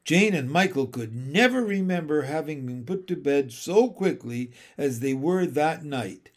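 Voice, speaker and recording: Man, storybook narration, measured, slow, lively pitch. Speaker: audiobook reader.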